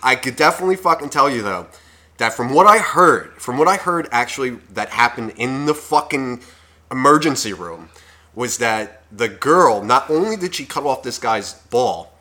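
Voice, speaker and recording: A man's voice: mid-range voice, lively intonation, moderate pace, sharp tone. A young man co-hosting a podcast, telling a story in casual chat, rambling and swearing, with lots of fillers. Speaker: podcast co-host.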